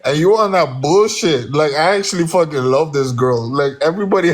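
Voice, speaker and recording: Excitable guy on a phone live stream, swears freely, keeps laughing, voice sits a bit high. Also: a little fast, hardly any pauses. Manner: excitable, profane, laughs a lot. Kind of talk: casual live-stream chat.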